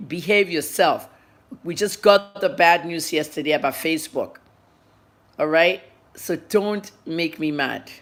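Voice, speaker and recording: A journalist in her fifties giving a livestreamed news update, blunt and scolding her viewers while she eats and talks. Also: deep voice. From Nigeria. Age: 50s.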